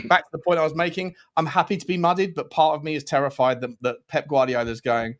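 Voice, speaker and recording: A man's voice: a little high, level tone, fast talker. Chatty man hosting a live stream. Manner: chatty, jokey, reads out viewer messages. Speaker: podcast host. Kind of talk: casual live-stream football chat.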